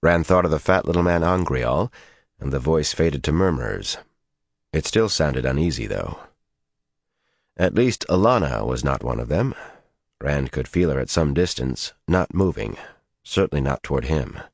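A man narrating a fantasy audiobook in a steady, dramatic storytelling manner. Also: extremely low pitch, moderate pace, gravelly, dry recording, clean studio sound. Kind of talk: scripted narration.

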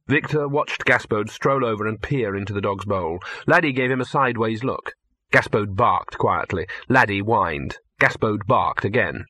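A man's voice: on the low side, moderate pace, sharp tone, dry recording. A man reading a comic fantasy story aloud in a dry, wry storytelling manner. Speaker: audiobook narrator. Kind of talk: scripted narration.

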